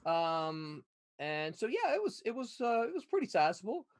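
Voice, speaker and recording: A man from Florida co-hosting a casual podcast chat, telling stories in a rambling, animated way full of restarts. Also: high voice, normal speed, a little hiss or hum. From Florida, USA. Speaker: podcast co-host.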